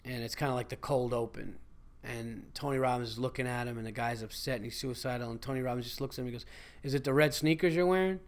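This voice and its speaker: Man, podcast host, stand-up comic, casual monologue, swears a lot, rambling, animated, mid-range voice. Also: medium pitch, quick pace.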